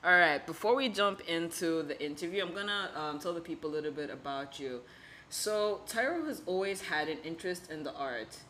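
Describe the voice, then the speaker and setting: Over background music, a young adult podcast host keeps things casual and upbeat, peppering her chatter with "like" and "you know." She has a lowish, bright voice with a forceful tone, speaking animatedly and a little fast, with slight hiss or hum in the audio.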